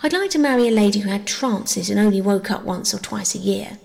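A woman voicing a cocky, boastful young boy in a storybook reading, blunt and teasing, with a gravelly tone and long reverb. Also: medium pitch, animated, fairly quick, darkish tone.

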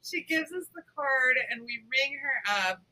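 A woman in casual podcast chat, telling an animated story and acting out the voices of the people in it. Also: sits high, measured pace, recorded from a distance, low-quality recording.

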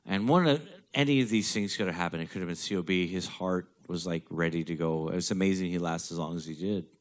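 A man with a very low, deep voice tells a personal story. He talks bluntly, swears freely and slips in dark jokes. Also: fairly quick. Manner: blunt, profane, darkly joking.

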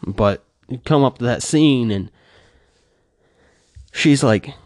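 A middle-aged vlogger chats casually to camera, animatedly retelling a movie reaction, acting out quotes and saying "like" constantly. His mid-range voice moves at a moderate pace in a clean studio recording with no echo.

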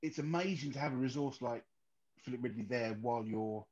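A man's voice: medium pitch, brisk, a little mellow. Man on a headset asking a question, kinda muffled, mid voice, some ums. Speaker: audience member asking a question. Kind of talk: casual Q&A talk.

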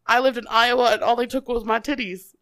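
A young woman from the Midwest co-hosting a podcast, trading quick jokes and giggling through casual banter. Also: a little high, steady tone, fairly bright tone, no room sound. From American Midwest. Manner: playful, jokey, giggly banter. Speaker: podcast co-host. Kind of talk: casual chat.

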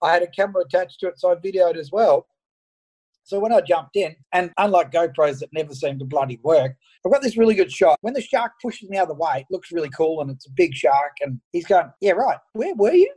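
An Australian man, a fishing photographer, telling an animated story over an internet call and acting out the dialogue. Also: fairly high pitch, a little fast, breathy edge, poor audio. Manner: animated anecdote, acts out dialogue. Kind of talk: casual storytelling.

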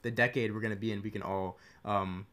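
A man's voice: lowish voice, fairly even intonation, brisk, fairly bright tone. A young man co-hosting a podcast, giving a casual movie review with lots of hesitation and restarts. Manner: hesitant, many ums and restarts. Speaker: podcast co-host.

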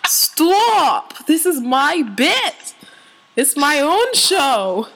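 A woman's voice: high-pitched, sing-song, drawn-out words, fairly bright tone, low-quality recording. A young woman hosting her own radio show, chatting casually, laughing a lot and playfully exasperated. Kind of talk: casual chat.

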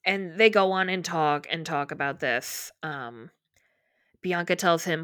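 Lower-voiced woman podcaster, dry sound. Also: a little slow, fairly bright tone, clear, resonant tone, no echo. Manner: retells scenes with quoted dialogue, emotional. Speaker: podcast co-host. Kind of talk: casual book discussion.

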